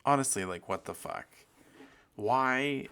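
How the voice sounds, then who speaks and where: A man with a low, gravelly voice hosts a loose solo podcast. He rambles and curses freely and pokes fun at his own lack of planning. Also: a little slow, a bit bright. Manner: rambling, profane, self-mocking. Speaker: podcast host. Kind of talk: casual solo podcast chat.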